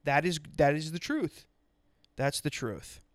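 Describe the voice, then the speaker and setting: Guy ranting on his podcast, swears nonstop, kinda high smooth voice, dry close sound. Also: big pitch swings, unhurried, no echo. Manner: blunt and sarcastic, swears constantly. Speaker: podcast host. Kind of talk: profane ranting monologue.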